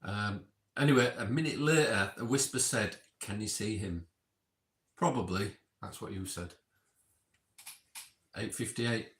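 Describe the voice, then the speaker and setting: A man's voice: on the low side, measured pace, long pauses, fairly bright tone. A man casually reading back timestamped notes from an experiment session, adding chatty asides. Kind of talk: casual recap reading out logged remarks. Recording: roomy echo.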